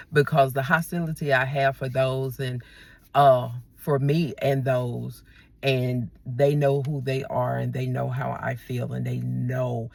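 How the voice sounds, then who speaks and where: A woman's voice: a bass voice, fairly even intonation, unhurried, creaky. A woman vlogger delivering a ranting monologue to her viewers, emphatic and repeating herself as she restarts her sentences.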